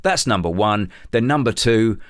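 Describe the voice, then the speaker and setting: A man, walking through a photo editing tutorial step by step in a relaxed, explanatory way. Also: lowish voice, moderate pace, smooth, dry recording, studio quality. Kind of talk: software tutorial.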